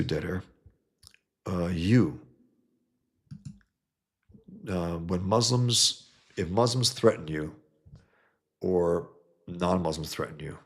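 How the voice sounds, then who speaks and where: A man's voice: deep voice, vocal fry, breathy edge. A man hosting a casual livestream, talking with enthusiasm and often repeating his words. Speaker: comic creator hosting a livestream.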